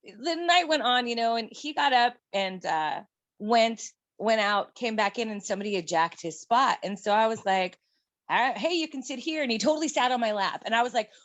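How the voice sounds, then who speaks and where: A woman's voice: fairly high pitch, normal speed, no echo, lo-fi sound. Chatty middle-aged woman telling a story. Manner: animated, laughing storyteller. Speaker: guest. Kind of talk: casual storytelling chat.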